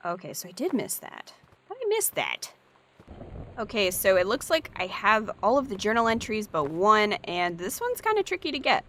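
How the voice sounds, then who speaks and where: A woman's voice: mid-range voice, wildly swooping pitch, moderate pace, a bit bright, a little hiss or hum. Chatty woman narrating gameplay. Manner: chatty and upbeat, thinking aloud. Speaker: let's play host. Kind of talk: casual gameplay commentary.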